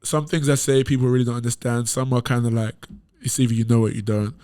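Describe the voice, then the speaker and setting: A young English man, a college basketball player appearing as a podcast guest, chats casually and tells stories packed with London slang. He's an animated storyteller who laughs a lot, talking fast at a medium pitch.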